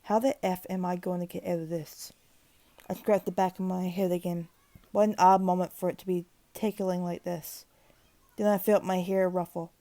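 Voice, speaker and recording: A woman reading a creepypasta aloud in a steady, grim narration with occasional restarts. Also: on the low side, normal speed, no room sound. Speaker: horror story narrator.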